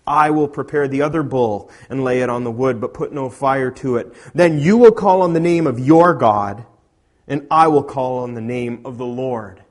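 A preacher acting as a fiery, mocking prophet. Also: male voice, mid-range voice, moderate pace, lightly acted. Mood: defiant. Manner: loud, ringing and taunting. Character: bold mocking male prophet, fiery and defiant. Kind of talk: dramatic sermon retelling.

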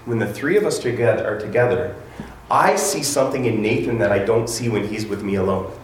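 A man's voice: lowish voice, brisk. A man preaching a sermon in an earnest way, lifting his voice with drama when he reads scripture aloud. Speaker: pastor. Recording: echoey room with faint ambient noise.

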